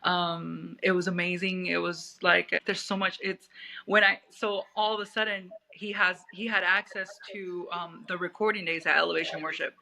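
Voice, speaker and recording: Bright, gravelly-voiced woman from Puerto Rico. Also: on the low side, level tone, moderate pace, rough recording. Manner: rambling, many restarts and fillers. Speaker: guest. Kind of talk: personal storytelling interview.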